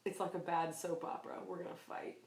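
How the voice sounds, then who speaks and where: A woman's voice: fairly low pitch, fairly even intonation, fast talker, gravelly, a little mellow. A woman co-hosting a casual live-stream podcast chat, teasing her partner, laughing often and reading out viewer comments. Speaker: podcast co-host. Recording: roomy, distant mic.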